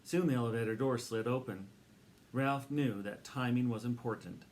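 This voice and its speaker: A man narrating a children's book aloud in a steady, expressive reading voice. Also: medium pitch, normal speed, a little hiss or hum.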